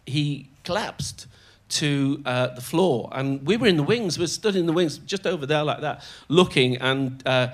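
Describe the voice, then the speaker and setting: An older man telling show-business anecdotes as a guest on stage, animated and often laughing as he slips into other people's voices. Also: fairly high pitch, normal speed, hardly any pauses. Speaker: comedian guest. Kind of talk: storytelling anecdotes in conversation. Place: on stage in a theatre before a live audience.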